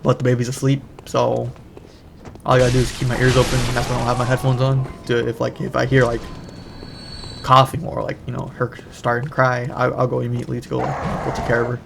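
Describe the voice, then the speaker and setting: A man's voice: mid-range voice, monotone, fast, vocal fry, music in the background. A young man hosting a gaming channel, telling a long, profane, rambling story in casual commentary while he plays at home. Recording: noisy background.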